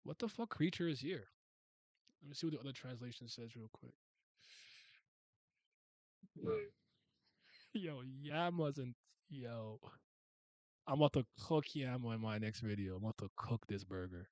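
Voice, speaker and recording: A man giving casual reaction commentary as a video host, excitable and often laughing and swearing. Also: medium pitch, a little slow, long pauses, dry recording.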